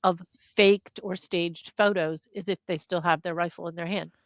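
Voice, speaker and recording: A woman's voice: fairly low pitch, fairly even intonation, normal speed, dry recording. A woman co-hosting a casual film chat, explaining things in a matter-of-fact way. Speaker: podcast co-host.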